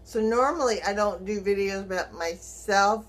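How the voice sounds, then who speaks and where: Animated woman telling a personal story. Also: medium pitch, normal speed. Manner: animated, acts out quoted dialogue, chuckles while telling. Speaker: vlogger.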